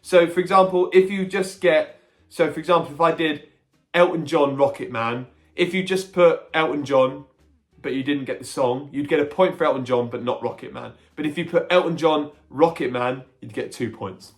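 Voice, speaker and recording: A man's voice: fairly high pitch, moderate pace. A young man hosting a casual pub-style quiz, chatty and self-mocking, with a giggly manner. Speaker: quiz host.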